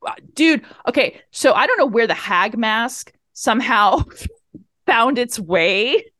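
She's a podcast co-host with a fairly high voice who talks slowly, captured in a dry, clean studio recording. Casually retelling a film, she animates it by performing the characters' lines and swears freely.

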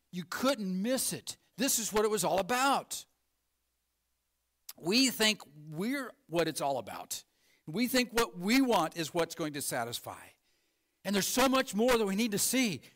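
A man preaching a sermon as pastor, emphatic, moving between ringing emphasis and hushed, low passages.

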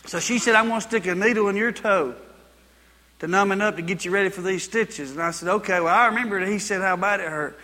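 Folksy preacher, high bright voice. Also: male voice, quick pace, in a large hall. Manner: folksy storytelling, builds to repeated exhortations. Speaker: pastor. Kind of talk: sermon with personal story.

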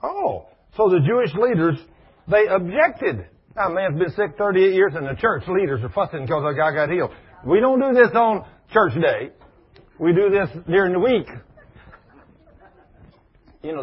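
A man preaches with a husky, slightly high voice that rises and falls with lots of life. He addresses people in the room as he talks, and the recording sounds dull and lo-fi. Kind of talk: sermon.

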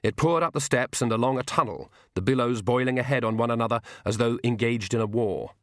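A man reading a novel aloud as the audiobook narrator, telling the story in a measured, even way. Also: mid-range voice, no echo, clean studio sound. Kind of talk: scripted narration.

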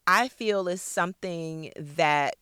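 An enthusiastic, effusive woman hosting a casual interview. Her voice is smooth and resonant, at a middle pitch, and the recording is dry and close. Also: slow pace, sharp tone, no room sound. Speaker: host.

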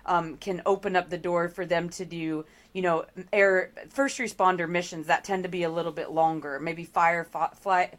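A middle-aged woman with a slightly low voice, speaking as a guest in an interview. She tells her story candidly and earnestly, pausing often on ums and restarting her sentences. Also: steady tone.

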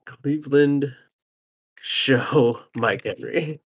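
A man with a mid-range voice talks extremely slowly as a podcast co-host running the list in a casual group chat. Between giggles, he runs through the picks and asks questions.

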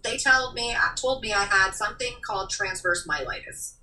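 A woman hosting a casual podcast conversation, who talks earnestly and animatedly in quick rushes. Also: mid-range voice, sharp tone. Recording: voice a bit distant from the mic.

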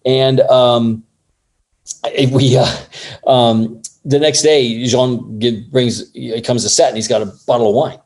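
A man who works as an assistant director, telling a lively story in an interview and acting out other people's lines along the way. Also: mid-range voice, slow pace. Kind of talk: casual anecdote in an interview.

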